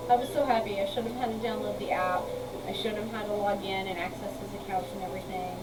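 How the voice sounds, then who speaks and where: A woman's voice: medium pitch, fairly even intonation, quick pace. A woman player chatting casually at a game table, telling a gushing, chatty story. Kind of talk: casual chat. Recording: distant mic with loud background noise.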